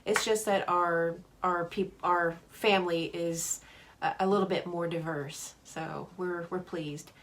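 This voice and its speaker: A woman with a slightly low voice hosts a relaxed card-making demo, chatting as she works. She answers viewer comments warmly and laughs easily, often restarting her sentences. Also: measured pace, a little hiss or hum. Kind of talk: casual live craft demo.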